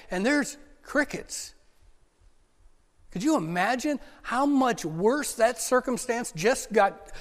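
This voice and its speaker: A middle-aged male pastor preaching a sermon, passionate at first and then soft and personal, often restarting his words. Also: very high voice. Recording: long hall reverb.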